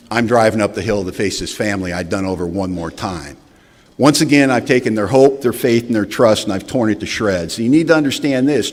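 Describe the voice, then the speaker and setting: A man giving a personal recovery testimony at a meeting, with candid, wry storytelling that acts out past conversations. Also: lowish voice. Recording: long hall reverb.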